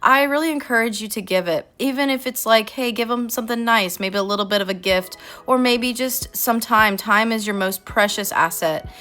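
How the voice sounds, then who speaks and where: A woman artist vlogger talks casually while drawing, earnest and heartfelt and rambling a little, with faint music in the background. Her fairly high voice has a sharp tone, moving at normal speed with hardly any pauses.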